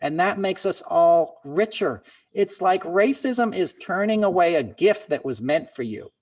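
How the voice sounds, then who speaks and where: A man's voice: sits high, lively intonation, a little slow, a little mellow, recorded from a distance. Earnest man, a bit off-mic. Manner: earnest, impassioned pep talk, calls listener "man" and "brother". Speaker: podcast host. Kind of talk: casual chat.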